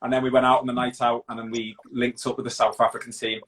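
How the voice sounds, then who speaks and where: A man's voice: mid-range voice, little pitch movement, noisy background. A middle-aged man from Britain, a guest in an interview, telling his story openly and bluntly with many restarts. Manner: open, blunt, halting with restarts.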